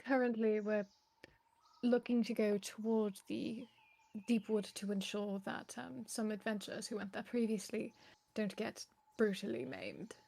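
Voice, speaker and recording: A woman's voice: mid-range voice, steady tone, a little slow, creaky, dark tone. A young woman playing in a tabletop game, speaking politely in character. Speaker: player. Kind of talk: casual role-play.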